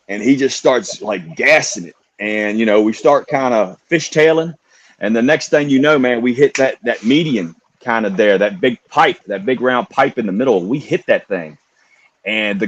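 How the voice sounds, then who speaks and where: A middle-aged man from Virginia with a very deep, low voice, chatting easily as a podcast co-host and coach. He rambles through his story, leaning on "you know" and "man." The sound is dull and lo-fi, like a livestream call. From Virginia, USA. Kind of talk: casual storytelling chat. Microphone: remote livestream call.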